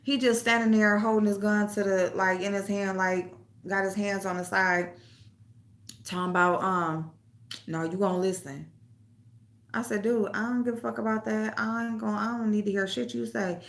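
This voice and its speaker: Gravelly woman, chatting casual, swears a lot, laughs thru her stories. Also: mid-range voice, steady tone, moderate pace. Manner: loose storytelling, laughs often, swears freely, reads comments aloud. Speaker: host. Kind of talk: casual livestream chat.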